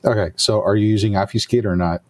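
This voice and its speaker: A man's voice: lowish voice, steady tone, fast talker. A man narrating as game master, casual and asking questions of the players.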